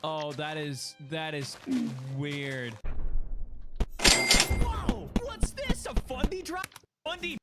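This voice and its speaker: A man giving excitable gameplay commentary, exclaiming and laughing often. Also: fairly high pitch, very slow, pauses often. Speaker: gaming video creator. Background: background music.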